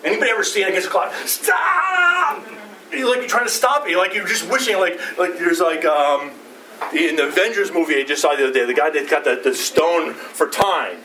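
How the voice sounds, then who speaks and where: A middle-aged male pastor delivers a sermon in a loose, conversational way and keeps asking rhetorical questions. His voice sits a little higher than most men's. He sounds set back from the mic in a roomy sanctuary with faint background noise. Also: fast, recorded from a distance.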